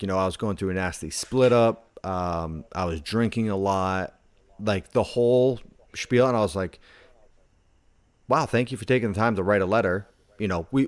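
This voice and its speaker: A man's voice: lowish voice, dry recording. A man in casual conversation, rambling through stories and leaning heavily on "like". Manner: rambling storyteller, heavy on "like".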